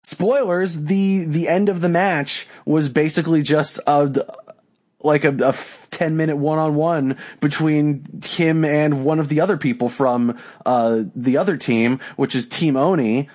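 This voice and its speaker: Young male co-host, slightly high voice, profane exasperated ranter. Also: steady tone, a little slow, a little mellow. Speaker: podcast co-host. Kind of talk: casual chat.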